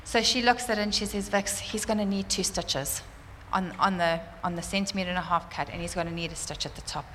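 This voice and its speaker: A woman telling a church congregation a personal testimony, animated and fervent, laughing often. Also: on the low side, fairly quick, few pauses, a little hiss or hum. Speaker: church speaker sharing a testimony. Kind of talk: sermon testimony. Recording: roomy church hall reverb, faint ambience.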